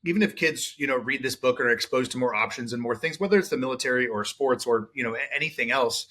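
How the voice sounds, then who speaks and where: Bright-voiced male podcast host. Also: mid-range voice, fast. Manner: thoughtful, loose phrasing with fillers. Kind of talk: casual podcast interview.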